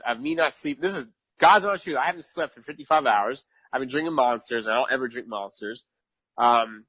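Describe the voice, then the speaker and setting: Spinning a lengthy yarn as a podcast guest, a man from New York stresses words energetically, repeats himself often, and chuckles at his misfortunes. His mid-pitched voice is slightly rough, and the close, dry recording has no echo.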